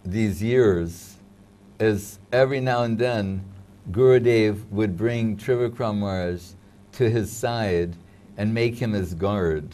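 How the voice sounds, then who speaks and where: A man in a casual conversation, sharing memories in an unhurried way. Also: fairly low pitch, warm tone. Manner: unhurried, adds short agreements and helps finish the other man's sentences.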